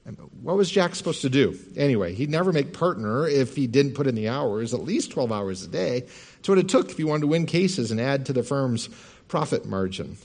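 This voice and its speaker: A man's voice: medium pitch, lively intonation, brisk, darkish tone. Man telling sermon parables. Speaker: pastor. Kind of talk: sermon storytelling.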